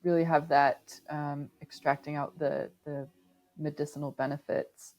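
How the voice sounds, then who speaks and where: A sustainability manager appears as a guest in a conversational podcast interview, thoughtfully explaining her work with frequent ums and restarts. Her voice is deep, level, unhurried, and darkish in tone.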